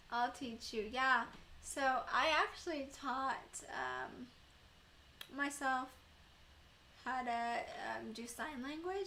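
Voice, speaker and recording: A woman's voice: high voice, sharp tone, slight background noise. A young woman chatting casually with viewers on her live stream, rambling with lots of fillers.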